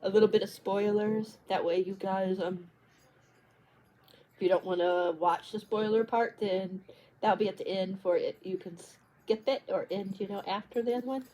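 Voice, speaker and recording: A woman's voice: mid-range voice, moderate pace, dark tone. A woman book vlogger talking in a casual, rambling way, tripping over words and restarting sentences. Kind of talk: casual chat.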